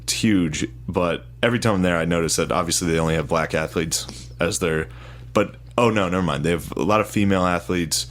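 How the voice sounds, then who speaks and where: Low-voiced laid-back man. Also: fairly quick, fairly bright tone, a little hiss or hum. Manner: laid-back, short reactions. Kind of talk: casual chat.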